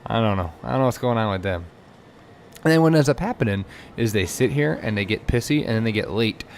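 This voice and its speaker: A man's voice: lowish voice, a little hiss or hum. A man giving rambling, casual commentary while playing a game, and he gets exasperated when things go wrong. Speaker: let's play host.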